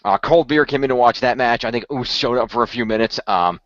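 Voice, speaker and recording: Brisk and medium-pitched, this podcast host chats casually and rambles, full of fillers and false starts. The recording is dry, muffled, and lo-fi.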